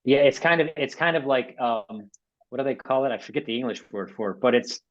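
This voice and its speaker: A man's voice: medium pitch, fairly quick, lo-fi sound. A man in his sixties from the United States presents a webinar in casual, rambling talk, often repeating and restarting words. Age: 60s.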